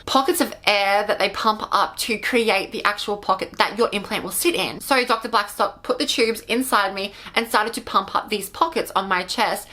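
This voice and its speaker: Chatty Australian woman with a bright voice. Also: medium pitch, fairly quick, few pauses. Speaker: vlogger. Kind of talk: casual storytime.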